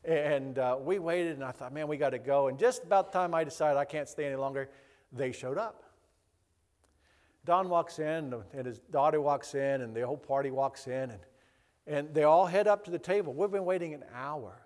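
A man's voice: a little high, moderate pace. A middle-aged man, a pastor, telling a personal story in a rambling way with many restarts and acting out the voices of the people in it. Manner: animated, acts out other people's voices. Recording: long hall reverb.

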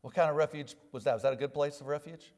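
Preacher guy with a high voice, keeps asking amen, reads old bible wording. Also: fast talker, darkish tone. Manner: preachy call-and-response with frequent "amen"; quotes scripture in old King James wording. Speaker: pastor. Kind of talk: sermon.

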